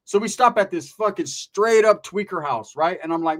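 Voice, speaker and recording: Brief: husky, gravelly male comic storyteller, high-ish, profane and loose. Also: animated, a little fast, hardly any pauses. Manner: loose and profane, with many fillers like "right?".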